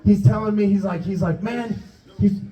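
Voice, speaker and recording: A man's voice: sits high, fairly even intonation, normal speed, a crowd in the background. A man doing stand-up, telling a rambling, profane story and acting out both sides of the conversation. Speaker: stand-up comedian. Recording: roomy, distant, dull club recording.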